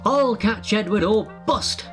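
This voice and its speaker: A storyteller voicing an excitable male bus who groans and cheers loudly, with the voice jumping high. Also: a little slow, soft background music, natural voice. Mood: groaning. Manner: loud and dramatic, groaning and cheering.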